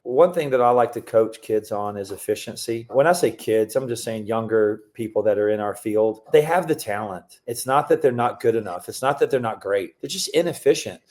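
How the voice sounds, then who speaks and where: A man's voice: on the low side, expressive, normal speed, hardly any pauses, a little mellow. A man guest on an interview podcast, telling his business story in a blunt, emphatic way and giving advice.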